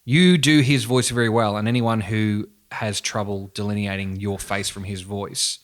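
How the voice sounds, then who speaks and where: A young man co-hosting a podcast, talking in loose, swear-laden casual chat. His voice sits a little low, and he keeps it moving and animated as he riffs and laughs along with his friend. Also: moderate pace. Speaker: podcast co-host.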